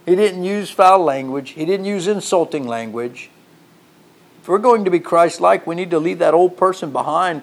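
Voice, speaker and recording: A man preaching a sermon who reads scripture and swings from loud emphasis to hushed tones, using repeated rhetorical questions. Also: on the high side, lively intonation, normal speed.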